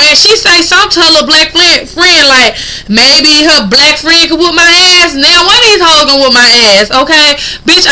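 Young woman ranting on her vlog, high bright voice, cusses constantly, faint hiss behind. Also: low-quality recording. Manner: foul-mouthed, indignant, gets loud and animated when quoting. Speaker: vlogger. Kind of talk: profane ranting storytime vlog.

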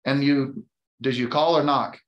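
A man's voice: mid-range voice, steady tone, a little slow, muffled recording. A man in his fifties leading a motivational training talk for an audience, telling a personal story and building to an emphatic, upbeat push. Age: 50s. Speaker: real estate team leader and trainer. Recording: roomy echo.

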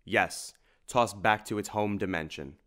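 A stoic, earnest hero, as a male narrator reads him. He speaks in a low voice and makes solemn declarations. This is a storybook audiobook. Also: unhurried, fairly bright tone. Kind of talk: audiobook character voice.

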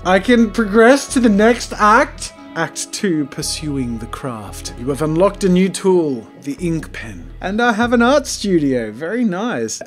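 Male gaming host, upbeat and jokey, slightly high voice, light game music under him. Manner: jokey, animated, self-mocking. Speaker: YouTube host. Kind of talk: let's play gaming commentary.

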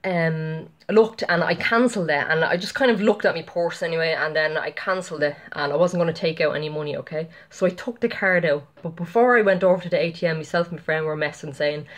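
Woman, middle-aged, slightly low voice, casual rambling testimony vlog. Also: quick pace, hardly any pauses. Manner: chatty, rambling, many fillers and asides to viewers. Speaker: Christian vlogger.

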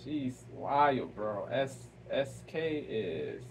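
A man hosting a reaction video, talking slowly in casual commentary, asking "why" over and over and dropping fancy words into slang. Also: mid-range voice, big pitch swings, a little hiss or hum, poor audio. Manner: slow, repetitive, keeps asking why, drops fancy words.

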